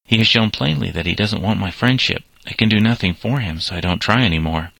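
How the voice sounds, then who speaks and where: A man reading the lines of a schoolboy son in a storybook, plaintive and defensive, in his own low voice. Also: brisk, vocal fry, bright, forceful tone, dry recording, exaggerated voice.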